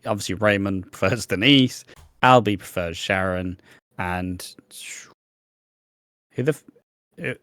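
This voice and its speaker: A man's voice: medium pitch, fairly bright tone, no echo, studio quality. A man co-hosting a podcast, brash and jokey, swearing freely in casual chat. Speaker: podcast co-host. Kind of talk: casual chat recapping a soap.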